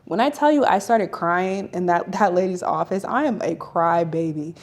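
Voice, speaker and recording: A woman's voice: fairly low pitch, normal speed. A woman talking candidly and emotionally in a casual home vlog, chatty and full of "like"s. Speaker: vlogger. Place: at home in an apartment.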